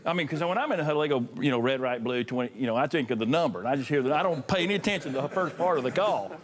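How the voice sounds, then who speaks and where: A man's voice: fairly high pitch, racing. A former college football offensive lineman telling funny stories about his old coach at a players' reunion. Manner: animated, laughing anecdotes. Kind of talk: casual reunion storytelling.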